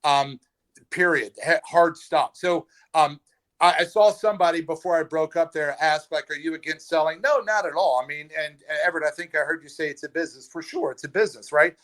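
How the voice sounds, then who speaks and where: Speaking fairly quickly at a fairly high pitch, this Texan trades recruiter tells animated stories as a podcast guest. His sentences frequently restart, and the remote call has a bad connection.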